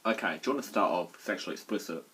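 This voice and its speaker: A man's voice: deep voice, very fast, pushed and bright, slightly rough. A man reviewing songs in casual chat, crude and mocking, swearing freely. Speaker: album reviewer.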